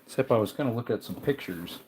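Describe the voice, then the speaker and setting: A man's voice: medium pitch, animated, fast talker, heavy background noise. A man casually chatting on a livestream, reading comments aloud while tinkering with parts. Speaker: livestream host.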